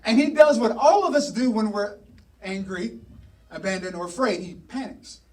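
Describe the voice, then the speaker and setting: High-voiced pastor preaching from afar. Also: male voice, moderate pace, distant mic. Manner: animated storytelling, playful asides. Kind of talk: sermon. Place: church sanctuary.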